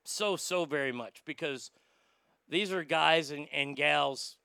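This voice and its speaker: Male comedy host, swearing storyteller, higher-pitched with a smooth, clear tone. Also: takes it slowly, bright, forceful tone, no room sound, studio quality. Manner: blunt, swearing, riffing storyteller. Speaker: podcast host answering listener mail. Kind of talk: profane comedic advice rant.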